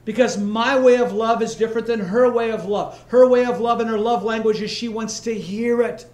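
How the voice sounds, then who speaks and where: A man's voice: extremely high pitch, steady tone, normal speed, darkish tone. A man pastor preaching a sermon in a church, emphatic and repetitive, weaving in personal stories. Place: church sanctuary, streamed live.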